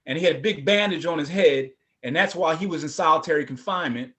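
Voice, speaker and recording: Animated high-voiced man telling his story. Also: fast. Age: middle-aged. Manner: animated, conversational, acts out voices. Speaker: former prosecutor telling his story at a forum. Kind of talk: personal testimony storytelling.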